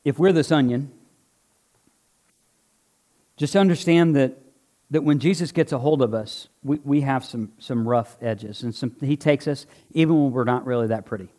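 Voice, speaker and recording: A man's voice: medium pitch, normal speed, long pauses, warm tone. A man preaching a sermon to a congregation in an earnest, conversational way, joking now and then while doing a live object lesson. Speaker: pastor. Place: church before a congregation.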